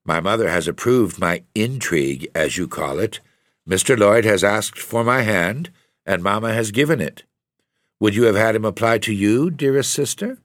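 A man's voice: fairly low pitch, lively intonation, normal speed, fairly bright tone, no echo. A man voicing a proud, spirited young woman in a gothic story reading. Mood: defiant.

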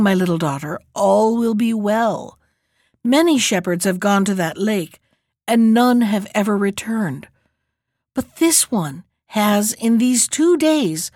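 A woman voicing a calm old emperor steadily reassuring his daughter. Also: on the high side, no echo, clean studio sound, lightly acted.

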